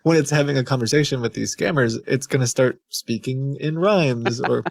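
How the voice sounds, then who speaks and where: Gravelly-voiced man explaining thoughtfully. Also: medium pitch, normal speed, no room sound, studio quality. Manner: thoughtful, hesitant, with restarts. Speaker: guest, scam-baiting creator. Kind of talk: casual explanatory chat.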